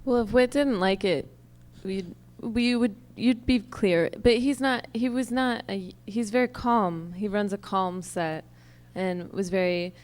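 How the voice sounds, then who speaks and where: A woman telling a lively anecdote with quick restarts as an actor at a post-screening Q&A on a theater stage. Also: medium pitch. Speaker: actor on a panel.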